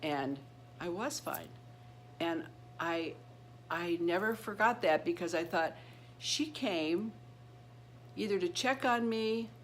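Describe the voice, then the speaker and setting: A middle-aged woman telling a personal story to her channel. She speaks earnestly and haltingly, with many restarts and repeated words. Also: lowish voice, expressive, a little hiss or hum. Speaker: channel host.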